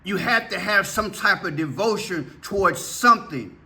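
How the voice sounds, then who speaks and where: A man's voice: high-pitched, lively intonation, moderate pace, pushed and bright. A man preaching fervently to his viewers, urgent and impassioned, hammering points with repeated rhetorical questions. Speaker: preacher vlogger.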